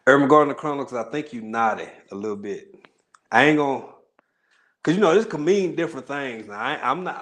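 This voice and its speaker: An East Texas man with a Southern drawl hosts a casual livestream, talking loosely and greeting viewers one by one. His voice sits at an ordinary middle pitch for a man, and he rambles through slang-filled asides in a relaxed, conversational way. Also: normal speed. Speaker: livestream host.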